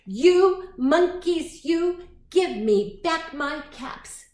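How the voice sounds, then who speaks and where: A woman voicing an angry male cap peddler who scolds slowly and loudly. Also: very high voice, flat delivery, pitched above the performer's own voice, full character voice. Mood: angry scolding. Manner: slow, loud, stern scolding. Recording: echoey room, faint noise.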